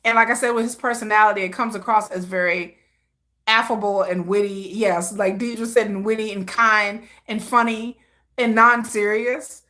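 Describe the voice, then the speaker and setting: Bright, chatty woman livestreamer. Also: mid-range voice, moderate pace. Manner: chatty, laughs often, animated asides; slangy, conversational. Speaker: livestream host. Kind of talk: casual livestream chat.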